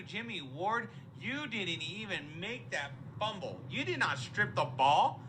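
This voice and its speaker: A man's voice: sits high, sing-song, a little slow, few pauses, sharp tone, slight background noise. A man ranting in a recorded fan message, exasperated and repeating himself. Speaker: listener sending voice messages.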